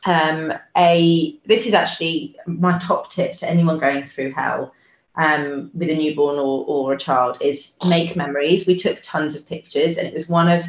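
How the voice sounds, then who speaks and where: Low-pitched woman guest, soft halting speech, tells her story through an echoey lo-fi recording. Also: fairly even intonation. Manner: halting, many fillers and restarts; soft-spoken, trying to hold it together. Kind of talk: emotional personal storytelling. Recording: roomy, dull lo-fi sound.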